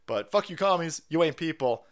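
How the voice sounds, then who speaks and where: A man hosting a political stream, ranting loudly and sarcastically with lots of swearing and mocking voices. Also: on the high side, animated, a little fast. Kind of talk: profane ranting commentary.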